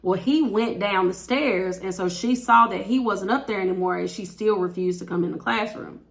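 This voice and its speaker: Exasperated woman telling a story, slight gravel. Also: mid-range voice, moderate pace. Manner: animated storytelling, acting out quotes with exasperated outbursts. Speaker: teacher. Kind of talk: casual storytime vlog.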